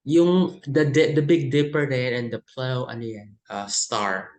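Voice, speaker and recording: Slow-paced woman teaching vocabulary. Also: rumbling low, fairly even intonation, a little mellow, low-quality recording. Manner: lists word pairs, slips into Tagalog asides. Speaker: English test coach.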